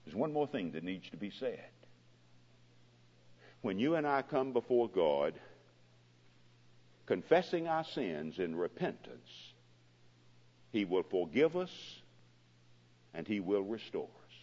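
A man preaching a sermon as pastor, his voice swelling and dropping dramatically in pitch and loudness, recorded in a church. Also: big pitch swings, takes it slowly, long pauses. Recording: dull lo-fi recording with long hall reverb.

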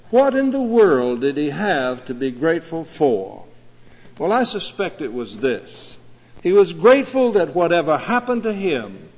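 Pastor guy preaching slow and earnest, kinda high voice, dull old recording with long church echo. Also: darkish tone. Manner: measured, earnest preaching with dramatic pauses. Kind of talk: sermon. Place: church sanctuary.

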